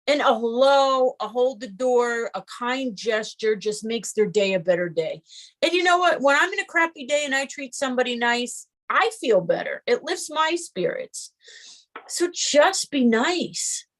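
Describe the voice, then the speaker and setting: An earnest woman co-host with a fairly high voice who talks in an encouraging, advice-giving way. She sounds relaxed and conversational. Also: a little slow. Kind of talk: casual chat.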